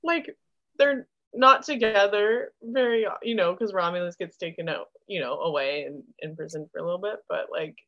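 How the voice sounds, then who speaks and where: A woman co-hosting a podcast in lively casual chat. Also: fairly low pitch, normal speed, dry recording. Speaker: podcast co-host. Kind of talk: casual book-club chat. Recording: dull lo-fi sound.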